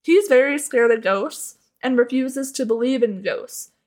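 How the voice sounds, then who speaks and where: A woman's voice: high voice, a little slow, a little mellow. A woman co-hosting a podcast, telling a rambling, profane, comic story in a casual chat. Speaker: podcast co-host.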